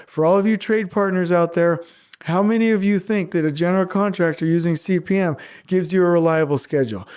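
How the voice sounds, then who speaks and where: A man's voice: high voice, fast, a little mellow, clear, resonant tone. A man in his forties hosting a podcast, blunt and combative, repeating his points for emphasis. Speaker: podcast host. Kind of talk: fired-up podcast rant.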